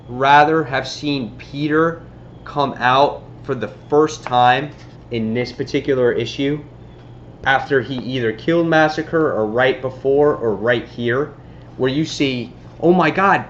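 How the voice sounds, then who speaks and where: A man casually reviewing a comic book on his vlog, excitably retelling the story. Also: medium pitch, lo-fi sound, a little hiss or hum.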